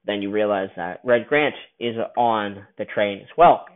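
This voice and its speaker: A man's voice: lowish voice, a little slow, clear, resonant tone. A man recapping a film in a casual, rambling way, stumbling and restarting his sentences often. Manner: rambling, many restarts and stammers. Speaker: film reviewer. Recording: tinny phone-like sound.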